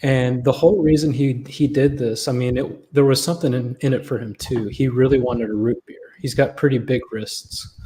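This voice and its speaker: A man telling a story in casual chat on a livestream, slipping into other people's voices to act out what they said. His voice sits at a middling pitch. A faint hiss runs behind him. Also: normal speed. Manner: animated, acts out other people's lines. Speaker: guest.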